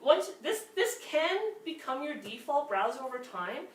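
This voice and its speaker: Female instructor from Canada, chatty lecture style, slightly high voice, roomy distant recording with faint background hum. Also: very animated, normal speed. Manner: conversational, frequent "okay" and "right" check-ins. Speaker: workshop instructor. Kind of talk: class lecture on anger management. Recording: echoey room, distant mic, faint ambience.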